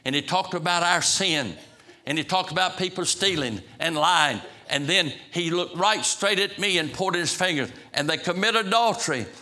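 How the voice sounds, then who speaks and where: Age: adult. Figure: a man voicing a sobbing, guilt-stricken woman. Pitch: high, strained. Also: animated, normal speed, sharp tone, exaggerated voice. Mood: anguished. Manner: high, pleading and anguished. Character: distraught adulterous woman, weeping.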